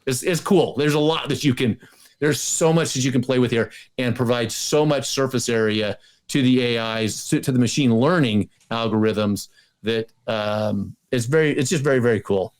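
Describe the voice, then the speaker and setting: Guy guest on an interview, gets excited, trips over his words and restarts a lot. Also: medium pitch, moderate pace. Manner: enthusiastic, many restarts and repetitions. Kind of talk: casual interview talk.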